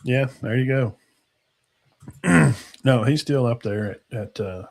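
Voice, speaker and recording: A man's voice: medium pitch, slow, vocal fry. A man, hosting a casual football talk show in a rambling, folksy way that trails off into mumbles. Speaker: sports talk show host.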